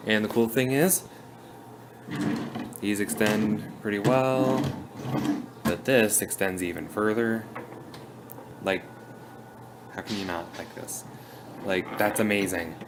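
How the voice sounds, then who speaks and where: A man's voice: on the low side, fairly even intonation, slow, long pauses, noisy background. A young man casually vlogging a home project in his bedroom, rambling and often restarting his sentences.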